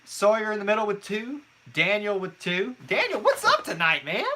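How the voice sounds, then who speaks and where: A man's voice: high-pitched, wildly swooping pitch, normal speed, background noise. A man co-hosting a live trivia night, reading out scores and teasing his co-host in a casual chat.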